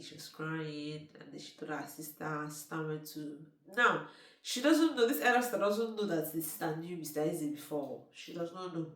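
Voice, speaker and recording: A woman, casually retelling a film's plot and often turning to ask the listener questions. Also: sits low. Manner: chatty, asks the listener questions, restarts often. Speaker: storyteller recapping a film. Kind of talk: casual spoken movie recap. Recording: roomy sound from a distant mic.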